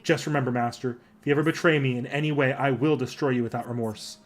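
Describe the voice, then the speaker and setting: A man doing a cold, quiet woman warrior. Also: steady tone, fast talker, natural voice. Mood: cold, wistful. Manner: subdued, cold, low-key threatening. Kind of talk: voicing game dialogue aloud.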